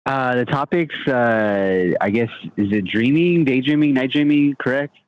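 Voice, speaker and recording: A man's voice: medium pitch, measured pace, no echo. A man calling in to a radio show, talking hesitantly and rambling with many fillers. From United States. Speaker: caller. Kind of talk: phone-in call. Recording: dull phone line.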